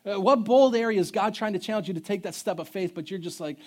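A man's voice: high-pitched, fast. A man in his thirties preaching a sermon as pastor, telling stories in a conversational, humorous way. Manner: storytelling, conversational and animated with humor.

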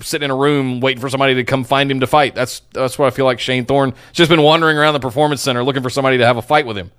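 A man co-hosting a casual wrestling chat, giving frank opinions but often hedging them. His voice is smooth and resonant. The recording is dry and close. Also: mid-range voice, steady tone, racing, a bit bright, dry recording. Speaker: podcast co-host.

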